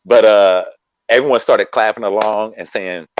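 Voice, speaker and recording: A man's voice: lowish voice, normal speed, no room sound, lo-fi sound. A man telling stage stories in casual chat as a guest comedian, laid-back and acting out quoted lines, heard over a video call.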